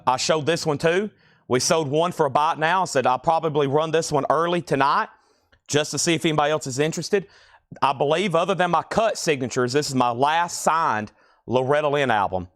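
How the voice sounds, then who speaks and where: A man's voice: fairly high pitch, a bit bright, no echo. Chatty man selling records live, dry sound. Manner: chatty, rattles off album titles and prices. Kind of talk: casual live sales patter. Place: record store.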